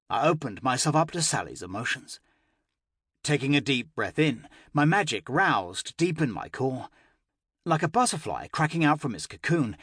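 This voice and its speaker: Man, audiobook narrator, expressive, emotional, husky, lively pitch, dry close recording. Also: dry recording. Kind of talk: first-person audiobook narration.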